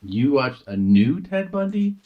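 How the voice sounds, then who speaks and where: A male comedian holds the floor in a casual podcast chat. His pitch swings widely as he acts out the people in his story. He swears easily and laughs as he talks. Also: very animated, unhurried, narrow, tinny audio. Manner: profane, laughs while telling, mimics other people's voices.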